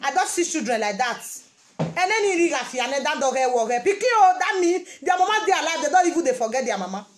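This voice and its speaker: A woman's voice: sits high, very animated, quick pace, a little hiss or hum. A woman with a Nigerian Pidgin English accent giving a casual motivational talk, repeating her phrases for emphasis. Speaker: vlogger.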